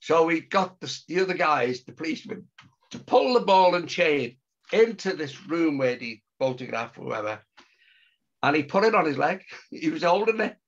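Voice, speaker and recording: Here an older guest with a fairly high voice and normal speed tells a story during a casual interview. He brings quotes to life, stays animated, and laughs often. Muffled, lo-fi audio.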